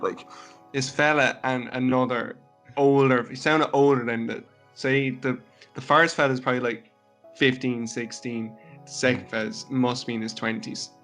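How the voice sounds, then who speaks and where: A man co-hosting a podcast, telling a story in a swearing, animated way. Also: medium pitch. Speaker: podcast co-host. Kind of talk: casual storytelling chat.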